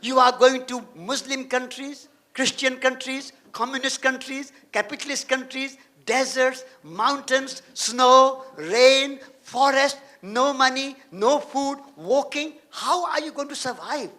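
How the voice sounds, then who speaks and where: A man's voice: very high voice, slow, hardly any pauses, bright, forceful tone, full character voice. A man quoting a worried woman friend. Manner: urgent, anxious warnings.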